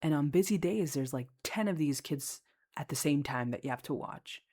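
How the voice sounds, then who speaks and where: A woman with a deep voice tells stories from her job as a lifeguard in a relaxed chat. She is candid and loose-tongued, swears without a second thought, and pads her sentences with casual fillers. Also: moderate pace. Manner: chatty and candid, swears freely, heavy on fillers.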